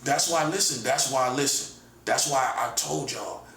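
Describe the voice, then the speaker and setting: A man's voice: mid-range voice, unhurried, creaky, sharp tone. A man in his forties giving a confrontational monologue, repeating himself and calling the listener "buddy". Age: 40s. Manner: repetitive, combative, keeps calling the listener "buddy". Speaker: self-styled prophet giving a monologue. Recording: roomy echo, faint background ambience.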